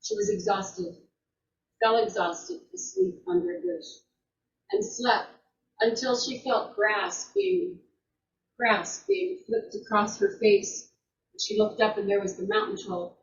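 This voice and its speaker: A woman storyteller retelling a folktale in an unhurried way, repeating words and restarting phrases as she goes. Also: medium pitch, lively intonation. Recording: roomy, distant, dull lo-fi sound.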